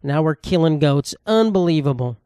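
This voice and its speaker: A man's voice: fairly high pitch, expressive, moderate pace, warm tone, smooth, dry recording, clean studio sound, natural voice. A man voicing an outraged small-town parent who mourns lost community values in an indignant, exclaiming way. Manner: indignant, exclaiming, mock-nostalgic.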